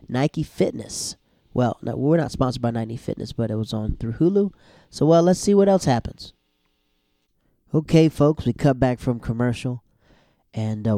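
Young male recapper, slangy and animated, warm tone, dry booth. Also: no echo. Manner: animated, slangy, jumps to high exclaiming bursts. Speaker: show recapper. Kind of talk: casual episode recap.

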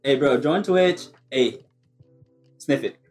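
A young man with a middle-pitched voice, talking in a laid-back, slangy way as he co-hosts a live stream. He greets viewers casually, with faint music in the background. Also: slow, a little mellow. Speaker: podcast co-host.

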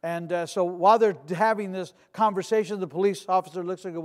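A man in his sixties, a pastor preaching a sermon with humor and asides, swinging from loud declarations to hushed storytelling. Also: sits high, steady tone, fast, hardly any pauses. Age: 60s.

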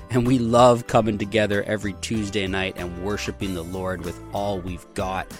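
Low-voiced man welcoming over guitar. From Canada. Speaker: church host. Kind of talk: welcome introduction. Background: guitar music.

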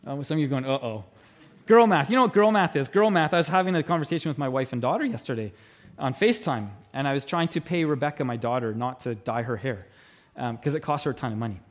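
A middle-aged man preaching a sermon as pastor, telling stories with animated delivery and acting out voices. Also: mid-range voice, fast talker. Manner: animated storytelling, mimics voices in anecdotes. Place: church auditorium.

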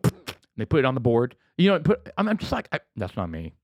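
A man co-hosting a podcast in casual banter, animated, rambling and self-mocking. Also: medium pitch, quick pace, few pauses, no echo, clean studio sound. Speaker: podcast co-host.

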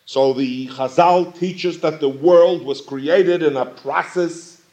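A man's voice: fairly high pitch, slow pace, a little mellow, muffled recording. A man teaching a Torah lecture, posing questions and repeating phrases for emphasis. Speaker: rabbi teaching Talmud.

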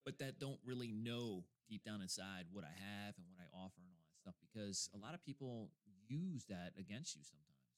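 A man's voice: fairly low pitch, lively intonation, fairly quick, dry recording. A man hosting a casual podcast chat, laid-back, often ending lines with "man". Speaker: podcast host.

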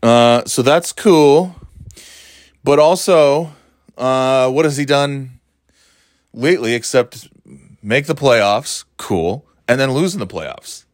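A man's voice: medium pitch, expressive, takes it slowly, pauses often, no echo, studio quality. A man from the northeastern United States hosting a solo podcast, rambling and ranting with sarcasm and plenty of swearing. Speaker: podcast host. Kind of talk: casual solo podcast monologue.

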